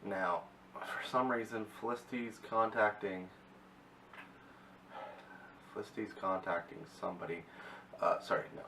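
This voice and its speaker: A man's voice: lowish voice, fairly even intonation, a little slow, gravelly, pauses often, fairly bright tone, distant mic. A man casually recapping a TV episode, rambling and often correcting himself. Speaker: TV episode reviewer. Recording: echoey room, mic set back, faint hiss.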